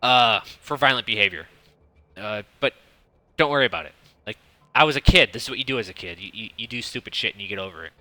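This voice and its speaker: Bright, blunt man in his thirties. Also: on the low side, quick pace, dry recording. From United States (Detroit). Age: 30s. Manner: profane, rambling, blunt advice; self-described monotone delivery. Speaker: streamer coaching a viewer. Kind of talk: casual coaching commentary.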